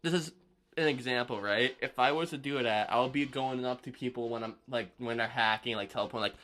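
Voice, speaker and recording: Between bouts of drumming, a young guy talks casually to his live-stream audience in a brisk, slightly bright mid-range voice. The chat wanders, packed with fillers and easygoing slang.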